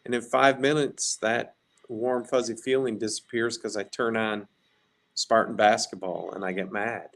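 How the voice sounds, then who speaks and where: A man's voice: lowish voice, fairly even intonation, moderate pace, a bit bright. Earnest man co-host making a point. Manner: earnest, emphatic, builds to punchy lines. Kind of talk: casual talk with a message.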